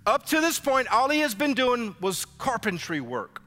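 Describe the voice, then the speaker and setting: A man preaching a lively sermon as pastor, acting out biblical dialogue for his congregation in church. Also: very high voice, normal speed. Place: church sanctuary. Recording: live hall reverb with faint music.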